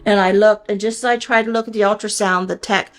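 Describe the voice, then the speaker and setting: A woman's voice: mid-range voice, steady tone, quick pace. An older woman earnestly recounting a personal experience in plainspoken, folksy speech. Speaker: storyteller recounting a near-death experience. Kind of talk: personal storytelling.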